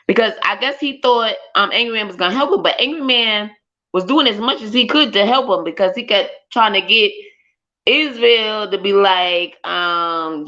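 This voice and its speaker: A livestream host with a mid-range voice talks at a moderate pace in casual streamer chat. She is animated and profane, swearing freely, exclaiming loudly and laughing; the stream audio is dull and lo-fi.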